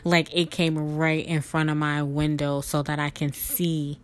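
A woman's voice: sits low, flat delivery, measured pace. A young woman hosting a podcast, telling a spiritual story in a chatty, emotional way with laughs and fillers. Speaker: podcast host.

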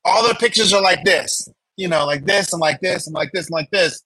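Bright husky-voiced man chatting. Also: high-pitched, brisk, no room sound, poor audio. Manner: animated, acts out quoted people. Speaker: podcast co-host. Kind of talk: casual chat.

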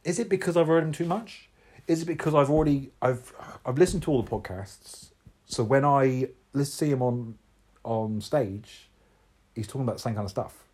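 A man's voice: mid-range voice, moderate pace, a little mellow, breathy edge. A man chatting casually as co-host, rambling and searching for words as he talks. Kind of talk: casual chat.

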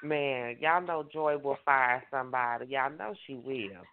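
A man's voice: mid-range voice, unhurried, smooth. A man hosting an online radio show, hyped and repetitive, calling out to his listeners. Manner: hyped, repetitive, call-and-response. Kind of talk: casual radio show talk. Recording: tinny phone line.

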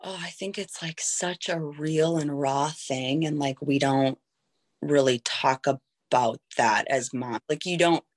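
A woman's voice: low voice, takes it slowly. A candid woman in her thirties opens up as a guest in a heartfelt conversation. She talks in a reflective, searching way, leaning on "like" as she works through her thoughts. Her tone is frank and unguarded. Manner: reflective, frank, heavy use of "like".

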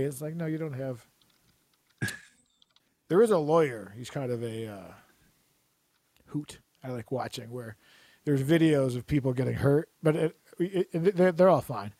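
Guy rambling and cracking jokes on a podcast, kinda high voice, dry mic. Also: moderate pace, pauses often, no room sound. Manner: rambling, joking, laughs often. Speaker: podcast co-host. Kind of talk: casual chat.

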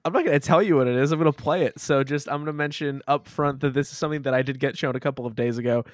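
A man's voice: medium pitch, rapid-fire, dry recording, studio quality. A man hosting a podcast, setting up a clip with hedging, filler-heavy talk. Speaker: podcast host. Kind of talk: casual chat.

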